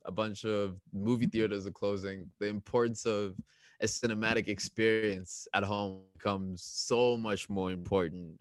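A man co-hosting a podcast in casual chat, joking and teasing, quick to laugh. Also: fairly low pitch, dry recording. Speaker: podcast co-host.

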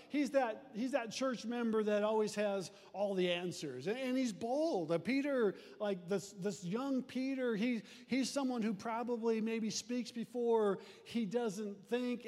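A middle-aged male pastor preaching a conversational sermon, animated and acting out church members. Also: high-pitched. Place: church sanctuary. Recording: long reverb of a church hall.

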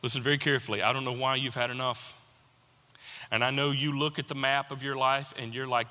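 A man preaching a sermon, telling a personal story with animated mock panic before slowing into an earnest appeal. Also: medium pitch, long reverb tail. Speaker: pastor.

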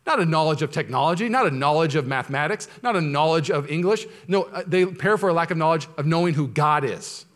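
A man pastors his congregation in a sermon. His voice sits a touch high, sinking into soft, low asides before climbing into loud, fervent preaching. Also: animated, fast, few pauses.

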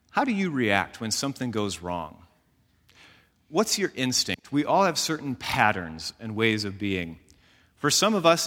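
A man giving a teaching sermon, explaining scripture in an animated way and tossing in self-aware jokes. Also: mid-range voice, long reverb tail. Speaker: Bible teacher.

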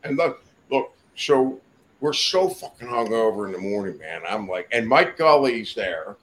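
Older man telling wild stories, very animated. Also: on the low side, a little slow, slight background noise. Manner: profane, animated, rambling. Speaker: guest storyteller. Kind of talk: casual chat, storytelling. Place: studio.

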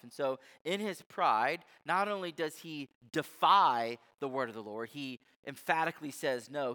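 Male pastor, fairly high bright voice, conversational and emphatic sermon, long hall reverb.

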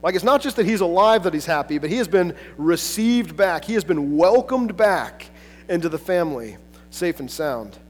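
A man with a high-pitched voice preaches in a relaxed, conversational way, dropping in asides and filler words as he goes. His voice rings out with a long reverb, as in a large church hall. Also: moderate pace. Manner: casual, chatty, with frequent "like" and "um" fillers and asides. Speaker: pastor. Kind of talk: conversational sermon.

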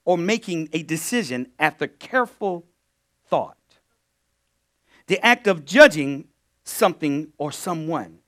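Pastor, male, high-voiced and highly animated, preaching a sermon with loud peaks and low asides. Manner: call-and-response preaching, swings between loud bursts and low asides.

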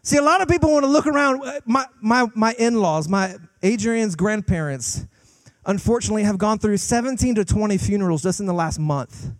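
Young guy preaching, kinda high voice, goes fast then really slow and stretched out, dead dry mic. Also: no echo. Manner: emphatic, swings from fast bursts to slow drawn-out lines; repeats words when starting sentences. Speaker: guest pastor. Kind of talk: sermon.

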